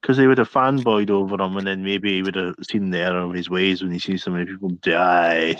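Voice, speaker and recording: A man's voice: sits low, fairly even intonation, a little fast, fairly bright tone, dry recording. A man co-hosting a podcast in casual chat, laid-back, with brief remarks and questions. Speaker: podcast co-host. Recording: dry, slightly dull sound.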